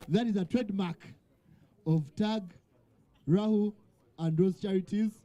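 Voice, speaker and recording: A man's voice: high voice, slow pace, mellow, muffled recording. A man hosting a live quiz night, calling out to the crowd and joking with the teams. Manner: calls out to the crowd and jokes with teams. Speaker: event host. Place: event venue with a crowd.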